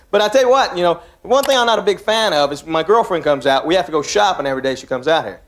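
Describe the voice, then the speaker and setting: This high-voiced Tennessean talks rapid-fire and animated, barely pausing, as he performs stand-up with a drawling East Tennessee accent. A folksy storyteller, he acts out the dialogue for a live comedy club audience, and the live recording is full of loud laughter and room noise.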